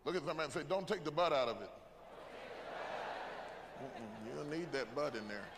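A man preaching, his voice pitched high and carrying through a church with a long echo. He moves between joking asides and shouted emphasis, with loud room noise around him. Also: fairly quick. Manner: preaching with humor, rising to shouts. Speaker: pastor. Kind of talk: sermon.

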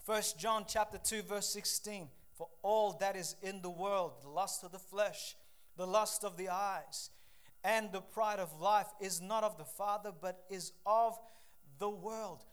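A male preacher from Papua New Guinea delivering a sermon, reading scripture and telling lively stories with sudden swings in loudness. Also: high voice, measured pace, smooth. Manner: animated storytelling with shifting loudness, acts out voices.

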